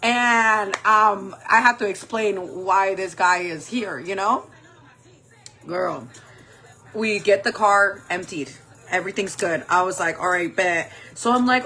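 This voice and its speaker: A woman's voice: medium pitch, a little slow, pushed and bright, soft background music, low-quality recording. A woman in her forties telling a story casually while doing her makeup on a livestream, swearing a lot and laughing often. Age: 40s. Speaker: makeup vlogger.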